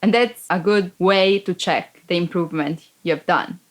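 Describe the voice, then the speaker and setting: A woman's voice: lowish voice, a little slow. A woman teacher giving friendly, encouraging advice in loose, chatty phrasing. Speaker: language teacher. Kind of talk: casual lesson wrap-up.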